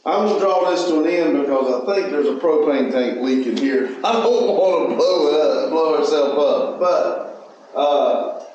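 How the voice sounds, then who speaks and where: A man's voice: fairly high pitch, measured pace, darkish tone, heavy reverb. A man talks casually in a garage shop, rambling along and restarting his sentences as he goes. The sound bounces hard around a bare room and comes through dull and lo-fi, with a faint hum of ambience behind him. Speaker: channel host. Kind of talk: casual chat.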